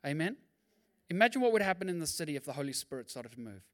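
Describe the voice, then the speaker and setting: High-voiced man preaching. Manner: animated, conversational preaching with quick asides and acted-out quotes. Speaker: pastor. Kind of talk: sermon.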